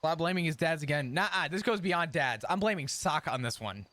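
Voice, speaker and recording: A man's voice: a little high, expressive, a little fast, sharp tone. A man streaming a roleplay game in character, chatting in a profane, ranting way and laughing often. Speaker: streamer role-playing his character.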